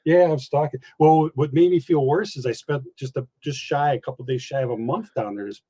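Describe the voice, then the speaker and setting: Older male guest on a call: quick, slightly husky, rambling and easygoing. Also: medium pitch, mellow, no echo. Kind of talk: casual chat. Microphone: video call with camera off.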